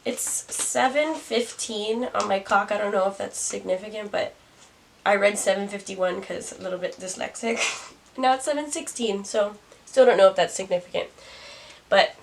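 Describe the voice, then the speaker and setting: A young woman gives a casual tarot reading to the camera, thinking out loud and laughing at herself. Her gravelly voice sits at medium pitch and moves at a moderate pace, picked up by a distant mic with faint noise.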